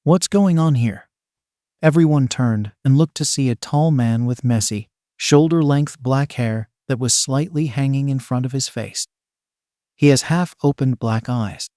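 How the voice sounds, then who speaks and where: Man narrating fan fiction, even reading, middle pitch, dry close mic. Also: measured pace, no room sound.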